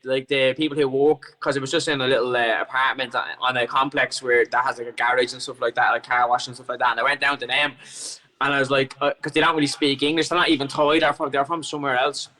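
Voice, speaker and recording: Irish male podcast guest, animated and sweary storyteller, bright tone. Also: medium pitch, quick pace, poor audio. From Ireland. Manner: animated, sweary, lots of restarts. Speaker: guest fighter. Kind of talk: casual storytelling chat.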